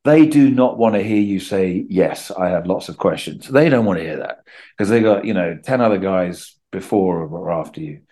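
A middle-aged Englishman talking casually as a podcast guest, telling animated stories and acting out quotes. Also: on the low side, moderate pace. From England. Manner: chatty, animated storytelling with acted-out quotes. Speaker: guest actor.

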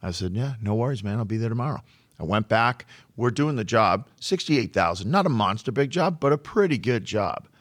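A man who runs a flooring business tells work stories in a relaxed conversation, often repeating a word while he gathers his thoughts. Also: medium pitch, brisk, dry recording, clean studio sound. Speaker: flooring contractor. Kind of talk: storytelling in a podcast conversation.

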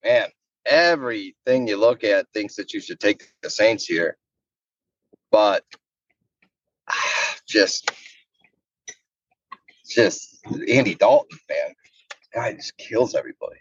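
A man's voice: fairly low pitch, slow, long pauses, no room sound. A man co-hosting a sports betting podcast, talking loosely and with plenty of animation. His voice sits mid-range, and the recording is dry and slightly dull. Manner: animated, laughing, swearing, voices others. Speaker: podcast co-host. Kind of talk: casual sports betting chat.

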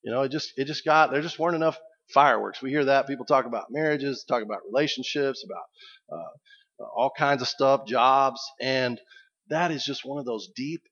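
A man's voice: mid-range voice, normal speed, fairly bright tone. A man preaching a sermon as pastor, reflective and conversational. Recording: dull lo-fi recording.

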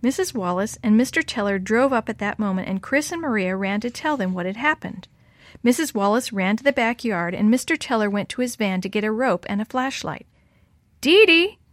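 A woman narrating a children's story aloud in a clear, steady way. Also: mid-range voice, a little fast, no echo.

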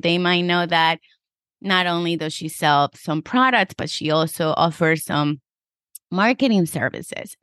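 Woman host, real estate agent, low-pitched and chatty, dry booth sound. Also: a bit bright, no echo. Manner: chatty, lots of "like" and "you know". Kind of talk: casual advice chat.

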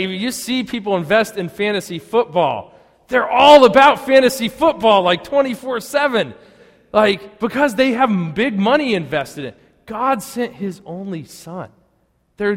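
Earnest male pastor preaching in a reverberant hall. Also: sits high. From United States. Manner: earnest, with long pauses and dropping to a hushed voice on key phrases. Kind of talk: sermon. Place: church sanctuary.

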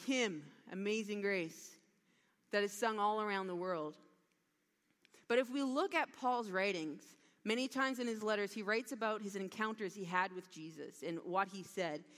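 A woman giving a sermon, retelling a parable with lively storytelling and acted-out lines. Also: mid-range voice. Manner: animated storytelling with acted-out dialogue. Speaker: preacher. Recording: long hall reverb.

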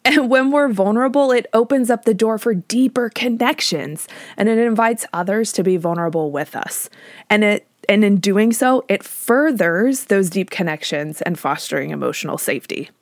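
A woman psychologist hosting a solo podcast, talking in an energetic, emphatic way and laughing often. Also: medium pitch, moderate pace, no echo, clean studio sound. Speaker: podcast host, licensed psychologist.

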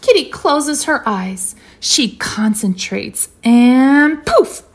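A woman dance teacher reading a storybook aloud to children, animated and talking to them directly. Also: sits high, extremely slow. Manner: animated, addresses kids directly.

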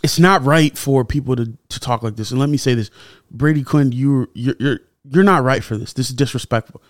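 A young man hosts a solo podcast, sounding heated and indignant as his mid-pitched voice leaps up when he gets worked up. The recording is dry and close, with no room sound. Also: a little fast, no echo. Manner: animated, indignant, rises sharply when heated. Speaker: podcast host. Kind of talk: casual solo commentary.

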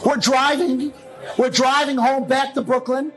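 High-voiced man telling a funny story. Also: measured pace, soft background music, poor audio. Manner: humorous, lively storyteller, often laughing. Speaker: rabbi. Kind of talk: storytelling monologue.

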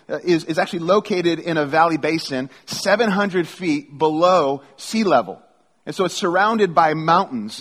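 Heard through long hall reverb, this middle-aged preacher has a fairly high, fairly bright voice with a breathy edge. He reads scripture and tells stories conversationally, frequently restarting phrases.

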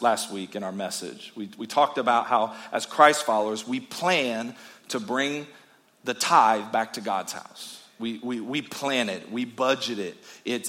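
A male pastor preaching a sermon with energetic, emphatic delivery, often repeating his points for emphasis. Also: medium pitch.

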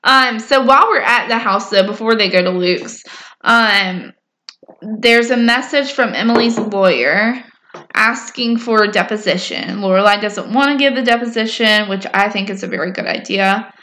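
A woman's voice: mid-range voice, moderate pace, bright, forceful tone. A woman casually recapping a story in a rambling, chatty way with lots of fillers. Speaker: podcast co-host recapping episodes. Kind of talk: casual chat.

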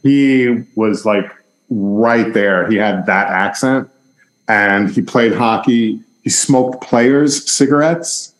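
A middle-aged man from New York hosting an interview, talkative and quick with rambling asides. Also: on the low side, roomy sound, poor audio. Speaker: interviewer host. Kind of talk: casual interview chat.

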